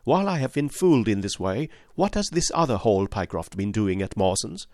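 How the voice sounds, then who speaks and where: A man's voice: on the low side, big pitch swings, fairly quick, darkish tone, dry recording, studio quality. A man voicing an anxious young male clerk who pleads for help in a storybook reading. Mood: agitated.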